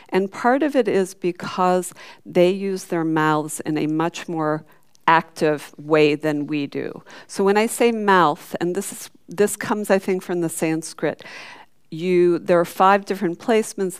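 A woman leads a chanting class, patiently explaining the notation and singing short syllables for her students to echo. Her voice is very smooth and clear, and she speaks in a slow, unhurried way. The sound is close and dry, with no room echo. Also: fairly low pitch. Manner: patient, demonstrates sung syllables for the class to repeat. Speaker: teacher. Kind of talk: chanting lesson.

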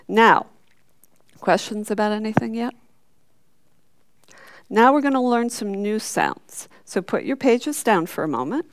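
A woman's voice: medium pitch, expressive, measured pace, long pauses, no echo. A woman teaching a chanting class, patiently explaining marks and singing syllables for the group to repeat. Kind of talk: chanting lesson.

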